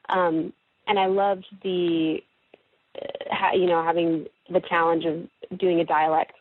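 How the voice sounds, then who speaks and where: A woman's voice: on the low side, husky, no echo. A young woman, a guest voice actress, chatting casually in an interview with lots of "like" and "you know". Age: young adult. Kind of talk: casual interview over the phone. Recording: tinny phone line.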